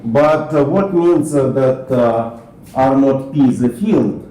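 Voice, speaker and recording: A man with a Russian accent giving a university math lecture in a halting way, filling his pauses with uh. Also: medium pitch, mellow. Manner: halting, frequent uh fillers, switches to Russian with students. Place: lecture hall. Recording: roomy echoey classroom, mic from far off, faint noise.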